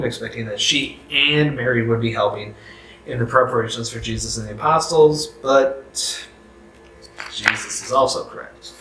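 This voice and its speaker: A man's voice: mid-range voice, sharp tone, roomy sound, low-quality recording. A man leading a youth group bible lesson, talking casually and asking viewers questions. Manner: conversational, self-correcting, asks viewers questions.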